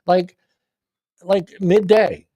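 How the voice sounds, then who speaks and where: A man's voice: high voice, fairly even intonation, very slow, warm tone, slightly rough. A man in his fifties co-hosting a podcast, telling rambling stories with casual swearing. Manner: rambling, profane storyteller. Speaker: podcast co-host. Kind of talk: casual chat. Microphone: podcast microphone.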